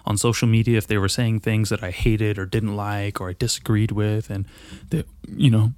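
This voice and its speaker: A low-pitched man rambling through a casual solo monologue, swearing freely and poking fun at himself. He sounds a little out of breath. His voice comes through a desk mic on a boom arm in a dry, close home setup. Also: flat delivery, normal speed, a little mellow, no room sound. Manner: profane, loose, self-mocking. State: a bit out of breath.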